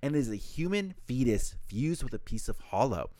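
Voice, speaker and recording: A man's voice: mid-range voice, moderate pace, dry recording, clean studio sound. A young man co-hosting a podcast, recapping a story in casual chat and acting out the lines. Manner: animated storyteller who acts out quotes. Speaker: podcast co-host.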